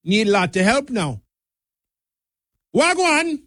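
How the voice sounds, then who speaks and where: A man's voice: high-pitched, big pitch swings, takes it slowly, a bit bright, dry recording, studio quality, pitched above the performer's own voice, full character voice. A man putting on a loose fake Jamaican accent. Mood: playful. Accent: put-on Jamaican. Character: man faking a laid-back Jamaican accent.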